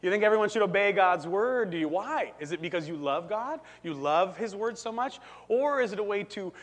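Man doing a hushed, skeptical philosopher; humming, probing, in a reverberant church. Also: high-pitched, animated. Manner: quiet drawn-out hums, probing skeptical questions. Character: suspicious squinting male philosopher.

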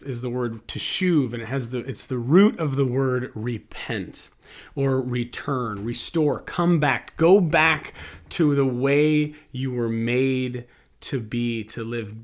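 A man preaching a sermon, reflective, mixing scripture with a family story and rhetorical questions to the congregation. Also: medium pitch. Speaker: pastor.

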